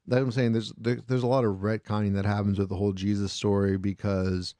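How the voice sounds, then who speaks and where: A man's voice: fairly low pitch, little pitch movement, fast, mellow, no echo, clean studio sound. A man in his thirties hosting a casual comedy call-in show, rambling with many fillers and laughing. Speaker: host. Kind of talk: casual comedy podcast chat. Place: studio.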